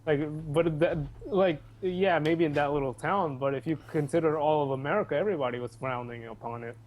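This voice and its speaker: Rambling, slightly high-voiced man. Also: a little fast, darkish tone. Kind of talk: casual online group discussion.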